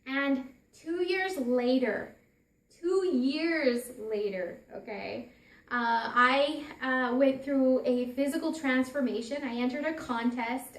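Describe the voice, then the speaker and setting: Woman, high voice, roomy echo; earnest parent storyteller who restarts her sentences. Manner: earnest, restarts and repeats phrases. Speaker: parent giving a talk. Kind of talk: personal storytelling talk.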